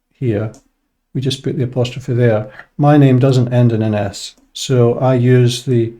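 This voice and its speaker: A man teaching an English grammar lesson in a relaxed, casual way, thinking aloud with frequent "uh" and "um". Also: medium pitch.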